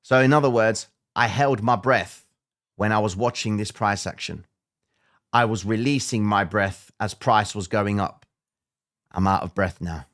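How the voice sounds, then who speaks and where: A man's voice: fairly low pitch, unhurried, a bit bright. A man hosting a trading livestream, talking casually and emphatically to his viewers with slangy asides.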